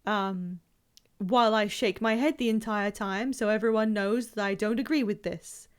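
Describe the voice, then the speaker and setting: A woman's voice: medium pitch, fairly even intonation, normal speed, clear, resonant tone. A young woman streaming a game live, chatting casually and playfully with viewers, rambling with fillers and laughing often. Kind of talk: casual live-stream chat while gaming.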